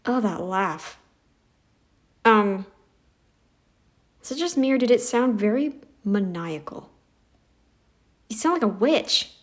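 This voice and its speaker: A woman's voice: medium pitch, expressive, slow, long pauses. A woman giving sarcastic reaction commentary in a blunt, mocking, scornful way, recorded on a phone mic.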